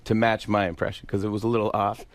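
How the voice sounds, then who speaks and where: A man's voice: fairly low pitch, level tone, fast, dry recording. Easygoing male comedian telling stories. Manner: easygoing storytelling that slips into impressions. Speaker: guest comedian. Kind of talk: casual radio interview.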